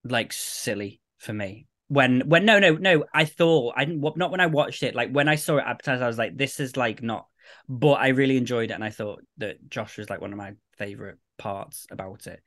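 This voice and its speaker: A man's voice: medium pitch, a little fast, hardly any pauses, fairly bright tone. A man hosting a podcast, chatting casually and steering the conversation. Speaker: podcast host. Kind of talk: casual chat.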